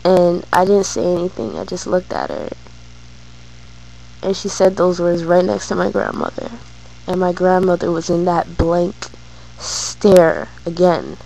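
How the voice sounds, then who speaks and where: Woman vlogger telling a personal story, hesitant and halting, lowish voice. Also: level tone, vocal fry, a little mellow, poor audio. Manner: slow, hesitant, many fillers and restarts.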